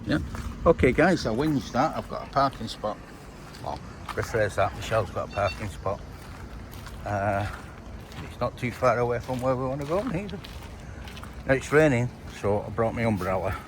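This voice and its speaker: A man's voice: mid-range voice, expressive, normal speed, noisy background. A man vlogging in a chatty, joking, self-mocking way, recorded on his phone. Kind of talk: casual vlog chat.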